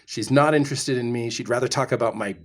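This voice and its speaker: A middle-aged man co-hosting a podcast, telling a story with animated, dramatic delivery. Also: mid-range voice, fast. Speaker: podcast co-host. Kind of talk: storytelling chat.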